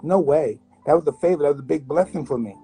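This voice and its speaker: A man in his fifties from the United States, a guest in an interview, telling blunt, animated stories and acting out other people's voices. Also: fairly high pitch, quick pace, husky, faint music behind, low-quality recording. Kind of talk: candid interview storytelling.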